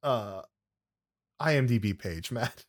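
A man's voice: medium pitch, expressive, slow pace. A man co-hosting a wrestling podcast in casual chat, joking and rambling with plenty of asides. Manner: chatty and jokey, with many fillers and asides.

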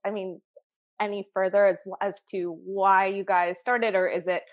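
A woman's voice: mid-range voice, level tone, moderate pace. A woman co-hosting a podcast over a video call, giggling and tripping over her words in casual chat. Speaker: co-host.

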